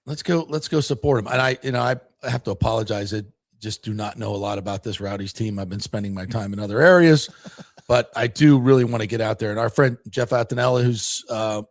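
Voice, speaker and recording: A man's voice: lowish voice, brisk, creaky, no room sound. A man hosting a sports talk show, chatting casually and rambling with frequent fillers. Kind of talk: casual sports radio chat.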